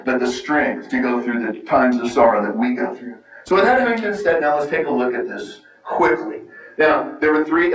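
A man preaching a sermon in an earnest, conversational teaching manner, often repeating words and asking rhetorical questions. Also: on the high side. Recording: echoey room, mic far off.

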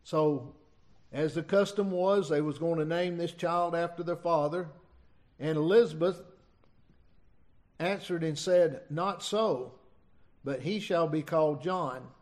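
A man's voice: fairly high pitch, darkish tone. Folksy preacher man. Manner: folksy, halting, many restarts and asides. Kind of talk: informal sermon with scripture reading.

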